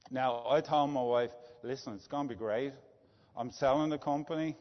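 Middle-aged Irish man, anecdotal executive storyteller, muffled low-fi audio. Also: moderate pace. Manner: anecdotal, tag questions like "right?". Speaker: business executive. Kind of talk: conversational storytelling. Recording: dull lo-fi sound with long reverb.

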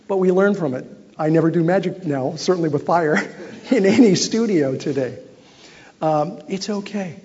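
A man's voice: a little high, creaky, slightly rough. A man giving a speech to a live audience, telling a story animatedly and acting out what others said. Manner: animated, acts out other people's lines. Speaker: keynote speaker. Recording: echoey hall, slightly dull sound.

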